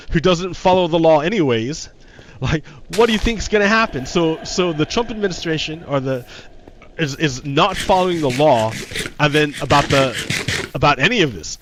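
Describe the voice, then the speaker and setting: A man's voice: on the high side, fairly bright tone, a little hiss or hum. A man talking casually on a livestream, heated and profane, often repeating himself. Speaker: streamer.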